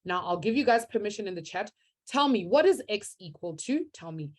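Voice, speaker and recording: A woman's voice: mid-range voice, animated, brisk, a little mellow. A young woman teaching a live online maths class, upbeat and encouraging as she reads out students' answers from the chat.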